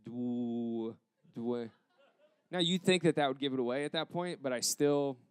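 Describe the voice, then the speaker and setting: A young American man, a pastor, telling a story in a sermon with animated acted quotes. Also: on the high side, quick pace, smooth, no echo. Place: church campus.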